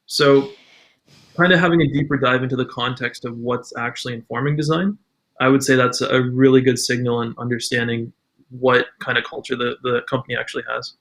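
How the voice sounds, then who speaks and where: A man's voice: medium pitch, steady tone, brisk, a bit bright. A man with a Canadian accent, a podcast guest giving earnest advice in casual conversation.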